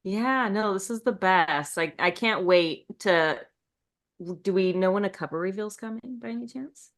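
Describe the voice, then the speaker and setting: A woman's voice: medium pitch, normal speed. Enthusiastic woman podcast co-host. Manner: enthusiastic, playful. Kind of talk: casual podcast interview.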